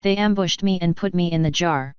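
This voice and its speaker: A woman's voice: fairly low pitch, brisk, a little mellow, clear, resonant tone, no room sound, muffled recording, natural voice. A woman voicing a grumpy, proud male fire elemental who talks in a huffy, growling way. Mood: gruff.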